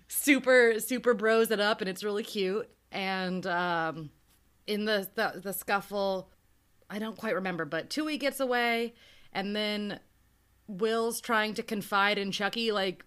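A woman's voice: mid-range voice, moderate pace. Chatty woman recapping a movie. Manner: animated, laughs often, acts out characters' lines. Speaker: podcast co-host. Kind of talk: casual movie recap chat.

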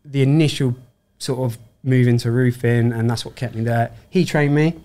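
Animated man telling a story. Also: medium pitch, moderate pace. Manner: animated storyteller acting out dialogue. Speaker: guest tradesman. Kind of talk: casual storytelling in a podcast chat.

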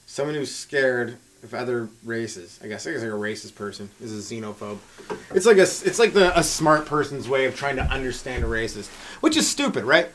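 A man doing a rambling stand-up comedy monologue on his podcast, riffing with frequent asides to the listener and swinging between loud and hushed delivery. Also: mid-range voice, sing-song, fairly quick, slight background noise. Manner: riffing, talks to listener with frequent "right?" and "you know".

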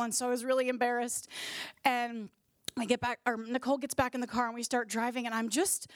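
A woman's voice: a little high, no room sound, clean studio sound. A woman and regular co-host giving a casual personal faith testimony, telling it earnestly and vividly with fillers.

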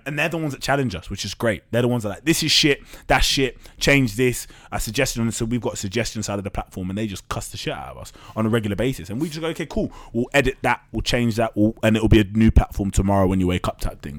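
A man's voice: lowish voice, animated, racing, hardly any pauses. A man, a startup co-founder, talking openly and casually as a podcast guest, with loose slang and the odd swear. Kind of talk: candid podcast conversation.

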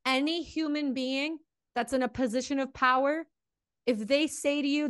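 A woman's voice: sits high, unhurried, fairly bright tone, no room sound, clean studio sound. Fiery, swearing woman podcast host. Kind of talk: impassioned commentary and interview.

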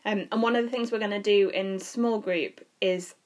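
A woman's voice: medium pitch, fairly even intonation, normal speed. A woman leading a youth group session, explaining ideas in a chatty, teasing way with lots of fillers. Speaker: youth leader. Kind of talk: casual teaching chat.

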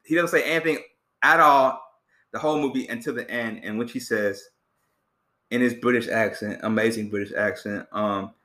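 Guy hosting a movie podcast, bright voice, roomy echo, does the characters' lines. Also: medium pitch, moderate pace. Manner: animated, acts out scenes with quoted voices. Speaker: podcast host. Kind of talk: casual movie chat.

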